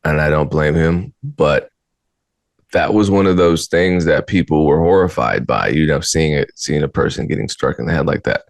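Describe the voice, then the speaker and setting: A man's voice: a bass voice, moderate pace, gravelly, no echo. A man hosting a casual podcast, talking bluntly and with exasperation, sometimes mocking. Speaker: podcast host. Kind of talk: casual commentary.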